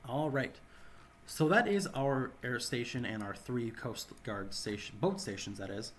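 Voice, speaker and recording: Hoarse man, gameplay commentary, rambling, faint background noise. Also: mid-range voice, a little slow. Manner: rambling, self-correcting. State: hoarse, sore throat. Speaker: game channel host.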